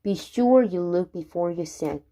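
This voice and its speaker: Woman reading rhyming kids' poems aloud; lowish voice, very slow, the odd stumble and restart. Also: warm tone. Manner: unhurried, with occasional stumbles and restarts. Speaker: reader.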